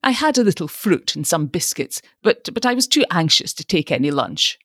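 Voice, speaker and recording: A querulous old father, anxious and absent-minded, fretting through his words, as a woman reading a storybook puts him on. The pitch swings lively and the sound is close and dry. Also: normal speed, dry recording. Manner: querulous, fretful.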